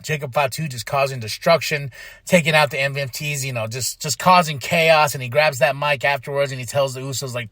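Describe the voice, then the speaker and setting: A man hosting a podcast, giving an excitable, casual recap full of fillers and acted-out quotes. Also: mid-range voice, moderate pace, dry recording, clean studio sound. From Flagstaff, Arizona. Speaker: podcast host.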